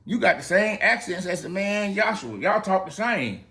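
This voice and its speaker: A man's voice: high-pitched, big pitch swings, moderate pace, bright, forceful tone, slight background noise, pitched above the performer's own voice, full character voice. A man voicing a nosy male bystander who pries with slangy questions in a Bible retelling. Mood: prying. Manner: prying, slangy.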